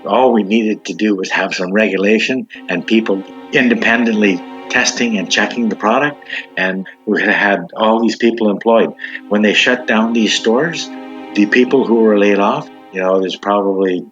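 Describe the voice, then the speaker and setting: A man's voice: fairly low pitch, normal speed, a bit bright, faint music behind. A man in an interview speaking in an impassioned, conversational way. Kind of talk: interview recollection. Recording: dull lo-fi audio.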